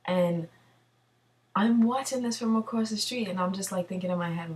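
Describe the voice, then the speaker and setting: A young woman tells a story in a rambling, profane, animated way, sitting at a computer in her home bathroom. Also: mid-range voice, moderate pace, distant mic. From New York City. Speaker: vlogger. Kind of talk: casual storytelling. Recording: voice from away from the mic.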